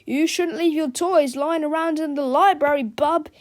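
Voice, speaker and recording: A woman's voice: high-pitched, normal speed, voice pushed up, natural voice. A woman voicing a sly, clever schoolboy.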